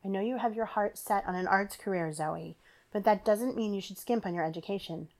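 A woman's voice: mid-range voice, brisk, natural voice. Dry storybook mother, firm and teasing, as a woman reads her. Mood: wry. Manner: wry, firm. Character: dry, wry mother and ship doctor.

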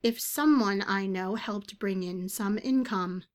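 A woman's voice: medium pitch, a little slow, close to an everyday voice. A woman voicing a thrifty, exasperated witch who talks dry and patient.

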